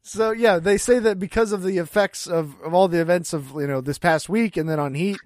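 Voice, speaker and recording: Podcast co-host, man, higher-pitched, chatty recapper, dry close mic. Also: fairly quick, no room sound. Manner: chatty, lots of "like", frequent laughs. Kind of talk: casual chat recapping wrestling.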